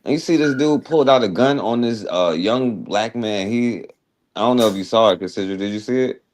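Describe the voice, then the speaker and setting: A man's voice: fairly low pitch, brisk, a little mellow. A man hosting a talk show, casually commenting on a video clip in a loose, slangy way.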